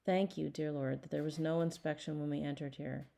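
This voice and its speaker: Lady reading a calm, devout big sister in an audiobook, low and gravelly, quietly insistent. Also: brisk. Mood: prayerful. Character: devout, gentle grown woman, sister of the narrator.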